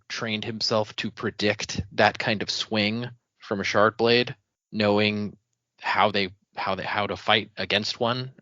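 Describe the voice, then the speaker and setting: Bright-voiced male co-host thinking aloud. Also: fairly low pitch, no echo. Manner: thinking aloud, halting restarts. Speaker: podcast co-host. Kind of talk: casual book discussion. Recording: dull dry audio.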